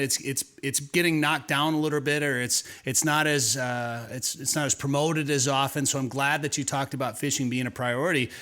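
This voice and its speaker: A man's voice: medium pitch, bright, forceful tone. A man hosting an outdoors radio show, telling a fishing story in a loose, rambling way with plenty of restarts and repeated words. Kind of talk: casual radio chat.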